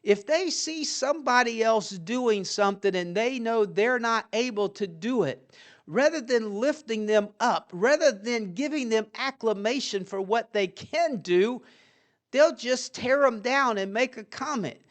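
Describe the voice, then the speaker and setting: Calm fatherly advice, as a storyteller voices the dad. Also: medium pitch, unhurried, natural voice. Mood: advising.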